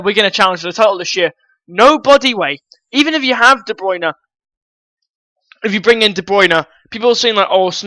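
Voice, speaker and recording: High, bright-voiced ranting football vlogger man. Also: no room sound, poor audio. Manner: blunt, ranting, swears freely; addresses viewers as guys. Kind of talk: opinionated transfer-news rant.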